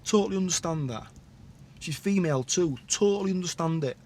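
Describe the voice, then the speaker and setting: A man's voice: fairly high pitch, a little fast, darkish tone. A man telling his own life story in a candid, rambling monologue, full of blunt asides and tag questions.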